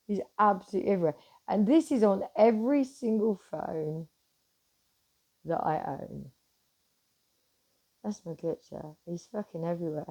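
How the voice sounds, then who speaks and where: Woman, middle-aged, gravelly, mellow tone, casual vlog chat, sweary and animated. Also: medium pitch, normal speed, long pauses. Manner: animated, swears freely, swings from loud to hushed. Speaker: vlogger.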